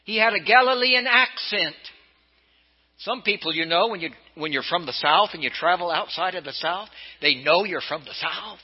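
An older man from California preaches as a bishop in a church. His voice sits a little high and rises and falls sharply to stress his points. The recording sounds slightly dull and lo-fi. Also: normal speed, breathy edge. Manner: storytelling preacher, swinging pitch for emphasis. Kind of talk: sermon.

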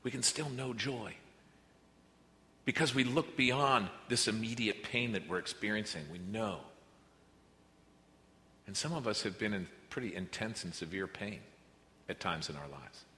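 A man preaching a sermon as pastor, earnest, moving between quiet reflective passages and emphatic rises. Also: on the low side, normal speed, long pauses. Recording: reverberant hall with faint noise.

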